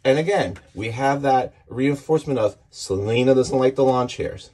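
A man's voice: medium pitch, moderate pace, a little mellow. A man casually walking through a comic book issue page by page, enthusiastic and rambling, often restarting his sentences.

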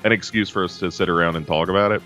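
A man's voice: sits low, fairly even intonation, very fast, pushed and bright, lo-fi sound, faint music behind. A man from the United States co-hosting a film podcast in casual chat, rambling and often restarting his sentences. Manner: rambling, self-interrupting, chatty. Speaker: podcast co-host.

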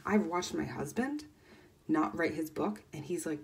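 A woman's voice: on the low side, lively intonation, moderate pace. Fervent, foul-mouthed woman coach. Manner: fervent, swears constantly, swings between loud emphasis and near-whispers. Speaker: life coach. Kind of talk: impassioned motivational livestream.

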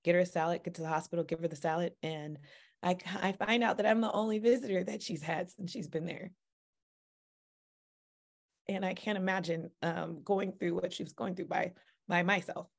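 Animated woman with a lowish voice. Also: normal speed, vocal fry. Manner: animated, with sudden jumps in pitch and speed; chatty, with many "like" and "you know" fillers. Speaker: mother sharing a personal testimony. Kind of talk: casual faith testimony storytelling.

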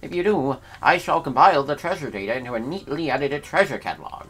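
A man's voice: fairly high pitch, lively intonation, fast talker, a bit bright, slightly rough, pitched above the performer's own voice. A man voicing a fussy male alien treasure appraiser with a put-on accent, speaking formally and politely. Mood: courteous.

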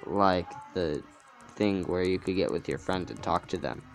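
A man's voice: sits low, moderate pace, faint music behind. A man giving casual, distracted play-by-play commentary while playing a video game. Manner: mumbling, distracted play-by-play with fillers. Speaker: gameplay video host.

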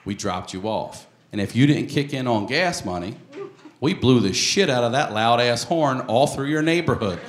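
A male stand-up comedian from the United States, telling a crude, animated story on a comedy club stage into a handheld mic. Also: mid-range voice, normal speed. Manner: animated storytelling, crude jokes, bursts into shouted voices. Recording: live club recording, roomy, loud audience laughter.

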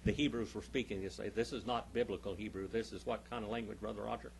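A man's voice: fairly low pitch, steady tone, fast, gravelly. A male pastor teaching a Bible class, emphatic, stopping often to quiz his listeners with questions.

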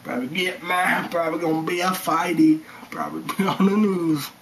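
A man's voice: high-pitched, fairly even intonation, a little fast, vocal fry, background noise. A man rambling through a casual vlog monologue, meandering and muttering, sometimes dropping to a whisper. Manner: meandering, mutters and drops to whispers, bursts into sung chants. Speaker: vlogger.

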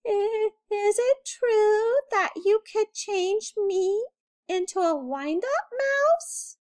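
A woman doing a small, high, quivering mouse. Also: big pitch swings, slow, fairly bright tone, exaggerated voice. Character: small anxious pleading mouse, young male.

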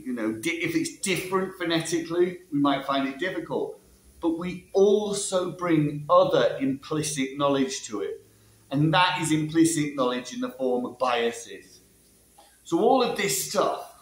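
A man explaining ideas about language learning in a casual monologue, asking rhetorical questions and tagging his sentences with "yeah?". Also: fairly high pitch. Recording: echoey room.

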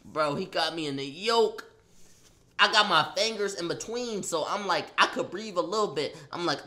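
Excitable young man acting out a story. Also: sits high, normal speed. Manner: excitable, acts out the fight with loud sound effects; profane slang, rambling restarts. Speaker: storyteller vlogger. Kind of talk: animated storytelling.

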